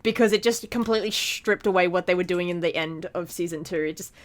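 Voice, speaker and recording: A woman co-hosting a podcast, retelling scenes in a rambling, casual way full of fillers. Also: lowish voice. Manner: rambling, filler-heavy retelling with quick acted quotes. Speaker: podcast co-host. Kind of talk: casual chat.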